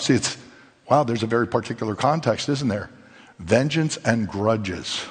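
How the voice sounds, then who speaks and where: A male pastor preaching a sermon in an animated, conversational way, full of rhetorical questions. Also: mid-range voice, moderate pace, husky, in a large hall. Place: church sanctuary.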